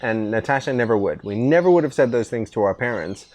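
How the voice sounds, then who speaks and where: Fast-talking and expressive, a middle-aged man with a medium-pitched, slightly mellow voice hosts a podcast from an outdoor veranda. He rambles through stories with his son in an easygoing father-son chat, often starting over.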